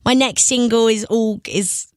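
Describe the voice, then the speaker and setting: A woman's voice: on the high side, steady tone, unhurried, dry recording. A young woman from England with an English accent, chatting casually as a guest in a radio interview, laughing often between thoughts. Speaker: guest singer.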